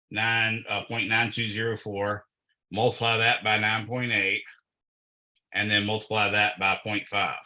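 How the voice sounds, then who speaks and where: Male physics tutor, low and bright-toned, unhurried, methodical, talking through the math aloud. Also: low-quality recording. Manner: slow and methodical, thinking aloud with fillers. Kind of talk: working through a problem aloud.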